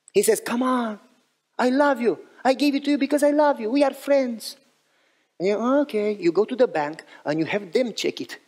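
Animated husky-voiced preacher man. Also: extremely high pitch. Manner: animated storytelling, acting out dialogue. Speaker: pastor. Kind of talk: sermon.

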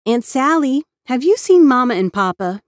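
A woman's voice: sits high, sing-song, moderate pace, no echo, studio quality, pitched above the performer's own voice. A woman voicing a scheming, teasing young girl in a slightly raised voice while reading a spooky story. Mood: sweet. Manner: mischievous, sly.

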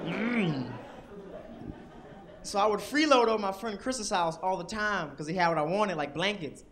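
A young man from Washington, D.C. performing stand-up comedy on stage, animated and acting out characters in shouted voices. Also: high-pitched, fast talker. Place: comedy club stage with audience.

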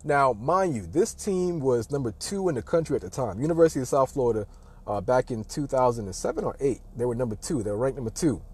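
A man in his thirties hosting a talk show, telling a personal story in a casual, animated way and acting out what other people said. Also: medium pitch, fast, breathy edge. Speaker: host.

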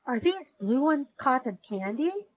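Excitable young girl, voiced by a woman, high and bright. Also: measured pace, slight background noise. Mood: excited.

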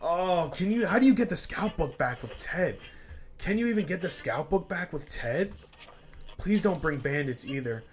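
A gaming YouTuber gives let's play commentary, talking to his characters, repeating himself, and pleading excitedly. His voice is on the high side and his pace moderate.

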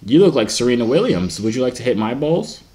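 A man on a phone video chat, pranking strangers with deadpan, mock-nerdy insults. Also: mid-range voice, fast talker.

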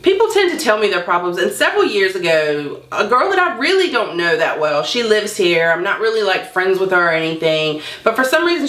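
A woman's voice: medium pitch, fairly bright tone. A woman vlogger telling a story in a casual, sarcastic way, laughing and sounding incredulous. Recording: echoey room.

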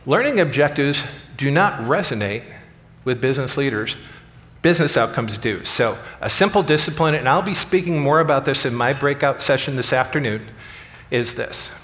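A man's voice: medium pitch, expressive, moderate pace, a bit bright. A middle-aged man giving a keynote speech at a conference, telling stories in an earnest way and acting out what others said. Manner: earnest, story-driven, acts out quoted lines. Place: large conference hall. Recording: long hall reverb.

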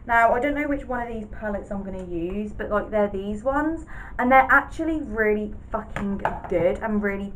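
A woman's voice: a little high, slight background noise, rough recording. A young woman chatting casually to camera as a vlogger, swearing often and poking fun at herself. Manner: chatty, sweary, self-mocking.

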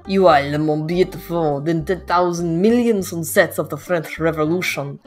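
A grandiose male rat painter from a dating game, gushing over-the-top compliments in a wobbly fake French accent, as a woman puts him on. The voice sits a little low and is heard with faint music behind. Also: moderate pace, darkish tone, natural voice. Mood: grandly romantic. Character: pompous male rat artist, flowery romantic.

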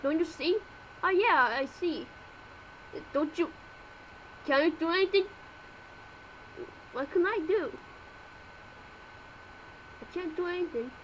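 A woman's voice: high voice, dull audio, a little hiss or hum. A woman voicing all the characters of a homemade fan cartoon, with frantic yelps and exclamations.

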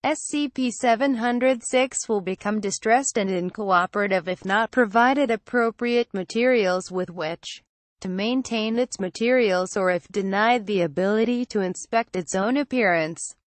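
A woman narrating a horror story as a clinical case file, measured and even. Her voice sits at a middle pitch. The recording is dry and close, with no room sound. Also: no echo.

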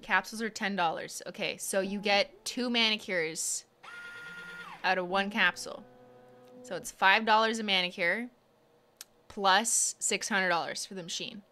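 A woman's voice: medium pitch, unhurried, sharp tone, slight background noise. A woman live-streaming about nails, chatty and exasperated as she talks straight to her viewers. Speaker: nail art streamer.

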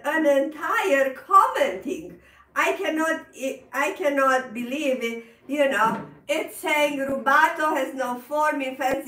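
Woman piano teacher, high, bright and animated, roomy distant sound. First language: Italian. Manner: laughs often, animated, repeats words, non-native phrasing. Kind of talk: casual online music lesson. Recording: roomy echo, off-mic.

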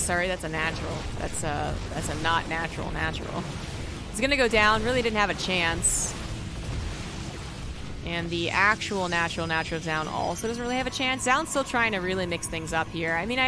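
A woman's voice: medium pitch, lively intonation, fairly quick. An American woman giving casual live game commentary as a caster, rambling and correcting herself as she goes. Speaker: esports caster. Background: music.

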